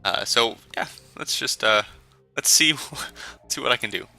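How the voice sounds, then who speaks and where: A man's voice: medium pitch, lively intonation, a little slow, creaky, sharp tone. A man giving casual, chatty gameplay commentary with self-deprecating asides. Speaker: gameplay streamer. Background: faint game music.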